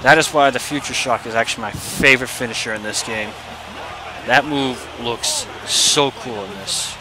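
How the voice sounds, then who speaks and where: A man giving casual let's-play commentary over a wrestling video game, chatty and excitable and laughing often. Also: medium pitch, normal speed, noisy background. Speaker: gameplay commentator.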